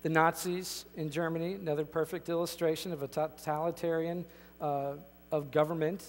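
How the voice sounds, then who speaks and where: A man's voice: a little high, little pitch movement, normal speed. A man preaching a sermon as pastor, emphatic and conversational, often restarting his sentences. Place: church sanctuary. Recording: reverberant church hall.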